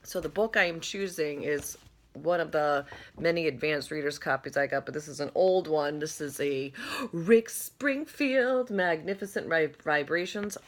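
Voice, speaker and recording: A woman's voice: low voice, normal speed. A woman from Rhode Island vlogging in a casual, rambling chat full of asides. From Rhode Island, USA. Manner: chatty and rambling, with many asides.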